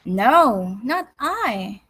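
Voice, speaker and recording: A stubborn little boy prince from a storybook, refusing every offer with firm flat answers, as a woman reading aloud puts him on. The lines come slow and lively in pitch, set a little higher than an everyday voice. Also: husky, heavily acted.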